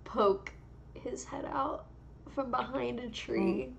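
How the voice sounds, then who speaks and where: A woman's voice: fairly high pitch, takes it slowly, vocal fry, slight background noise. A woman playing a tabletop game, speaking hesitantly as she describes her shy character. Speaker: player. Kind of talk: casual tabletop play.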